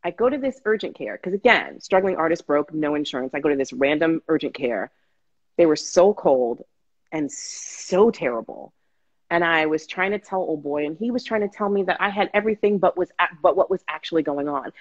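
A woman guest telling her story in casual, animated chat, with frequent restarts, over a video call. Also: low voice, brisk, breathy edge, highs cut off. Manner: animated, restarts, acts out quotes.

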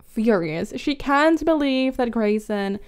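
A woman's voice: on the high side, expressive, slow pace, clean tone. Chatty young woman narrating gameplay. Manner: chatty, giggly, dramatic. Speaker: gaming YouTuber. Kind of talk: gameplay commentary.

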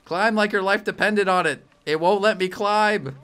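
A young man commenting as he plays a video game, jokey and animated, yelping and apologizing loudly as things go wrong. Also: high-pitched, moderate pace, smooth. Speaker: streamer playing a video game. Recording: faint game music behind.

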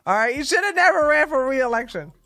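A woman giving casual, animated reaction commentary as a news vlogger, chatty and often laughing. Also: high-pitched, quick pace.

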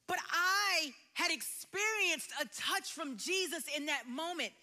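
Woman, sermon testimony, high voice, bright tone, storytelling. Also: moderate pace, few pauses. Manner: storytelling, drops to a soft hush for quiet moments, sings song lines. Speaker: preacher sharing testimony. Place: church sanctuary.

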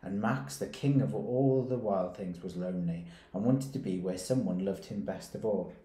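A man, a primary school teacher reading a picture book aloud and stopping to ask his pupils gentle questions. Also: deep voice. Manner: gentle, questioning, reads slowly and pauses to ask. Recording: roomy echoey recording.

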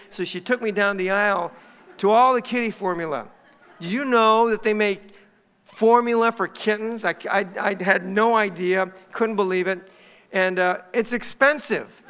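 Bright-voiced middle-aged pastor, echoey hall. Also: male voice, high voice, normal speed, clear, resonant tone. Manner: self-mocking, animated anecdote. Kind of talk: sermon storytelling. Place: church sanctuary.

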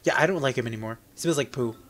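A man giving casual let's play commentary, joking and rambling, with sudden loud yelps, while sick. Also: medium pitch, racing. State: sick, on medication.

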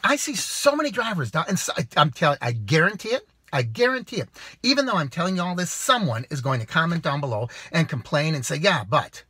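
A man's voice: on the high side, very animated, fast talker, fairly bright tone, husky. A man vlogging about rideshare driving outdoors, giving earnest, preachy advice to camera with rhetorical questions. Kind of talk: casual advice monologue to camera.

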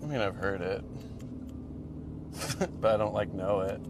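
A man's voice: lowish voice, fairly even intonation, a little slow. A man chatting casually on a livestream from a car, bickering in a dry, laid-back way. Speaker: co-host on a stream. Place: inside a moving car. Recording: loud road noise in a car.

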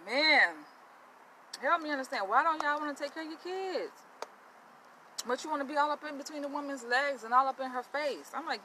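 A woman's voice: high-pitched, a little fast, a little hiss or hum, poor audio. A young woman ranting bluntly and profanely to her viewers outdoors while eating. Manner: blunt, profane, animated, addresses viewers directly. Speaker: vlogger. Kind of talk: blunt casual rant.

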